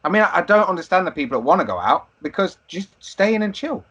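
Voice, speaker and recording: A man's voice: high voice, very animated, fast, a bit bright, slightly rough, highs cut off. A man with young children, co-hosting a podcast in casual, swearing banter. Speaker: podcast co-host. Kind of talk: casual chat.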